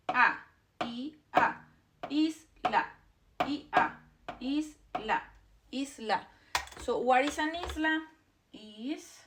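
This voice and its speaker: With a high, bright and forceful voice, a young woman whose first language is Spanish leads a beginner lesson. She patiently repeats every vowel and word over and over.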